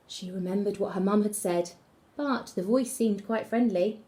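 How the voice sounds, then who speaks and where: A woman teacher reading a fairy tale aloud to children, with expressive storytelling. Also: mid-range voice, moderate pace. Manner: expressive storytelling, gasps and whispers.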